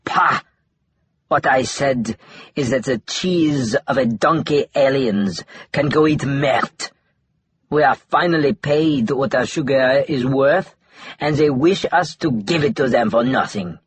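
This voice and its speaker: A man's voice: mid-range voice, slow, breathy edge, no room sound. A man voicing a hot-tempered male Quebecois maple farmer with a thick Quebecois accent, ranting crudely. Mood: defiant. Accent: Quebecois French.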